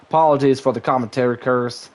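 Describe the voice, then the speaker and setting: Excitable male sim racing play-by-play caller. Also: medium pitch, fast talker. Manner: excitable, rambling, voice leaps up during action. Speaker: lead race commentator.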